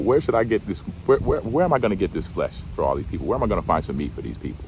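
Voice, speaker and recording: A man reading bible verses slowly, then paraphrasing them in relaxed, slangy everyday speech. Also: low voice, a little hiss or hum. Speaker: bible teacher. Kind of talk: scripture reading with casual commentary.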